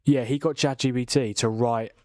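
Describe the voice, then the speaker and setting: A young man talks through a football match late at night, worn out and yawning as he chats. His voice sits at a middling pitch, and the recording is dry and close with no room sound. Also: steady tone, normal speed, darkish tone, no room sound. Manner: tired, yawning, chatty with restarts. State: tired. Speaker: watchalong host. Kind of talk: casual live football commentary.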